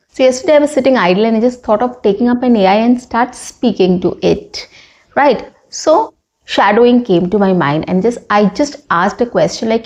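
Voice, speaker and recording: A woman's voice: medium pitch, a little mellow. A woman who works as a communications coach, speaking casually and encouragingly to her viewers as she teaches, often repeating her points. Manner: repetitive, encouraging, addresses viewers directly.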